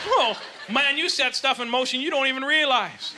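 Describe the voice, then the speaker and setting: Brash, high-voiced comic. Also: male voice, moderate pace, few pauses, background noise. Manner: loud, brash, self-mocking delivery with frequent restarts. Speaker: stand-up comedian. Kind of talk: stand-up comedy set. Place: comedy club stage with a live audience. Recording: live club set with loud audience laughter.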